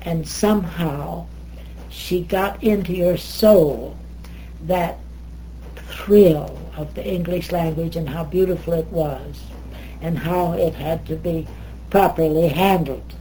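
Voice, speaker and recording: An older American woman telling stories in an interview, lively, wandering, and often correcting herself. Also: on the low side, takes it slowly, a little hiss or hum, poor audio. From United States. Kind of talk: oral history storytelling.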